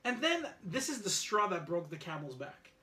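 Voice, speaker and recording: A man with a high voice tells a family story at an easy, chatty pace. He acts out the lines of the people in it as he goes, cohosting a relaxed conversation. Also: normal speed. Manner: animated storyteller, acts out his son's lines. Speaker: podcast co-host. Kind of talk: casual chat.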